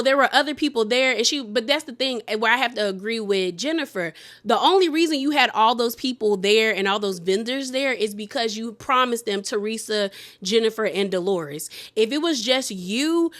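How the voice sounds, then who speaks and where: A woman casually recapping a reality show episode, talking in slang and acting out the cast's lines. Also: on the high side. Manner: animated, acts out quotes of cast members; slangy, many fillers like "like".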